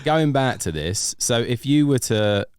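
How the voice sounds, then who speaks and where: A man's voice: medium pitch, expressive, a little slow, clear, resonant tone, no echo, clean studio sound. A man, a DJ guest, chatting casually on a podcast, rambling with lots of "like" and restarts.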